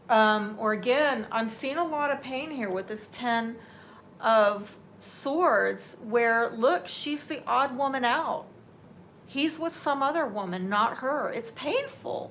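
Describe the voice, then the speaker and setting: A woman's voice: on the high side, a bit bright, slight background noise. A woman giving a live tarot reading, talking unhurriedly and reassuringly straight to the viewer, with teary eyes. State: teary-eyed. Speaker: tarot reader.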